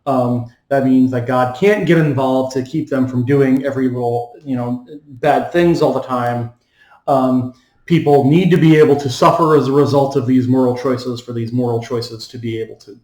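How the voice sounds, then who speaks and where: A man's voice: medium pitch, a little fast, warm tone, roomy sound, low-quality recording. A man lecturing on philosophy, hesitant, with many ums and restarts as he walks through an argument. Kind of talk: recorded lecture.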